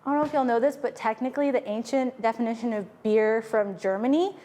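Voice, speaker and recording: A woman's voice: on the high side, fast talker, dark tone, long reverb tail. A woman chatting playfully while she cooks, joking and rambling through asides. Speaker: home cook vlogger. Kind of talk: casual cooking vlog chat.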